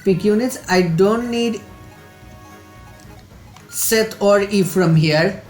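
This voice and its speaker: A man hosting a let's play, calmly thinking aloud while he plays a strategy game. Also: high voice, slow, echoey room, faint music behind. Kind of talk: game commentary.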